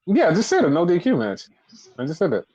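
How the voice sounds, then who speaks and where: A man co-hosting a podcast, casually recapping wrestling in animated, profane storytelling that acts out the quotes. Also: a little high, fast talker, slightly rough. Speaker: podcast co-host. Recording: dull lo-fi podcast audio.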